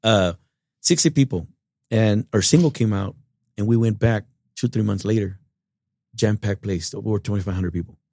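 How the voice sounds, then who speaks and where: A middle-aged man from Texas, telling stories in a relaxed, rambling way as an interview guest. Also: on the low side, normal speed, no room sound, clean studio sound. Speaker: guest musician. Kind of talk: casual storytelling interview.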